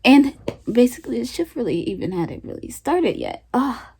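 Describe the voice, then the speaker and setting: A woman's voice: a little high, huge pitch swings, moderate pace, creaky, a little mellow, slightly rough. Chatty young woman telling a storytime. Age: young adult. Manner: chatty, emotional, frequent "like" fillers. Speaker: new grad nurse vlogger. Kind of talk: casual storytime vlog.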